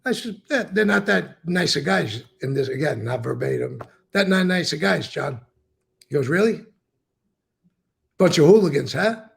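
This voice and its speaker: Gravelly, husky man telling stories. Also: fairly high pitch, animated, normal speed. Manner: acts out quoted dialogue, repeats words, swears. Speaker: former mobster telling stories. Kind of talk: casual storytelling interview.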